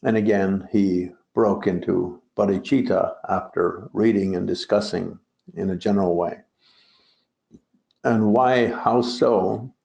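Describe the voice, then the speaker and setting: This Buddhist teacher's dharma talk on a translated poem rambles through digressions and jokes, delivered in a deep, gravelly, slightly mellow voice. He speaks at a slow pace with fairly even intonation, recorded in a roomy, dull lo-fi setting.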